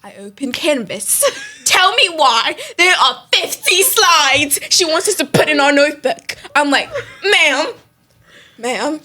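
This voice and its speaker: A woman's voice: sits high, expressive, measured pace, few pauses, bright, forceful tone. A young woman chatting on a podcast, telling school stories dramatically and laughing through her words. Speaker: podcast host. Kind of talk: casual chat.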